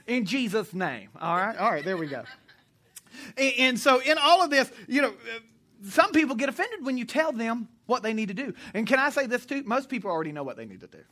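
A pastor preaching to a congregation in church, animated and joking, sometimes shouting. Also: male voice, very high voice, normal speed. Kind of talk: sermon.

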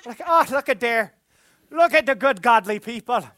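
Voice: mid-range voice, expressive, moderate pace, a bit bright, no room sound, pitched above the performer's own voice, lightly acted. A preacher putting on a gushing, mock-pious onlooker with a put-on Irish accent, in a sing-song, mocking manner. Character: mock-pious onlooker praising church folk.

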